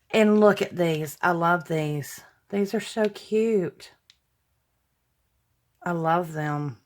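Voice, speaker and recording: A woman chatting casually as she unboxes craft mail, gushing and exclaiming over each item. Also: mid-range voice. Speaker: craft vlogger opening mail.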